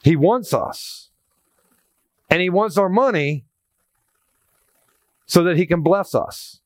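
A man preaching a sermon, emphatic and animated, quoting scripture with a raised voice. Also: high voice, slow pace, no room sound, studio quality. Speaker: pastor.

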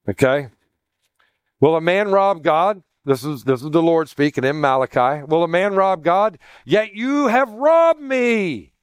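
A man delivers a sermon as pastor, his voice sitting a little high for a man. He teaches in a conversational way, calling out to "guys" and restarting his phrases. The recording is dry, with no room echo.

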